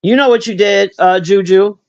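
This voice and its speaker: This is a man's high, creaky voice at a normal pace, a little mellow, clear and resonant, though the sound is lo-fi. Streaming casually, he swears a lot, rambles through heavy filler, and addresses chat members by name.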